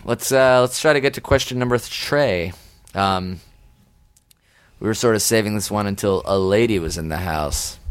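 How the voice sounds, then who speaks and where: A man's voice: on the low side, moderate pace, smooth, no room sound. A man co-hosting a casual chat show, laughing often and reading out listener letters. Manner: laughs often, lively banter. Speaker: podcast co-host.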